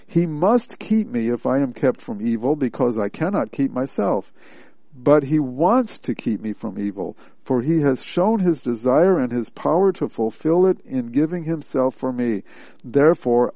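A man's voice: medium pitch, lively intonation, moderate pace, no room sound. A man giving a devotional teaching. He reads a passage aloud and explains it in an earnest, plainspoken way, repeating his points for emphasis. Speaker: preacher. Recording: dry, slightly dull lo-fi recording.

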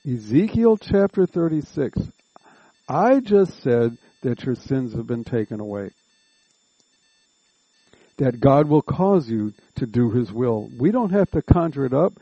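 A man preaching a sermon, slow and deliberate, drawing out words and making earnest appeals to his listeners. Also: medium pitch, animated, slightly rough, dry recording, lo-fi sound.

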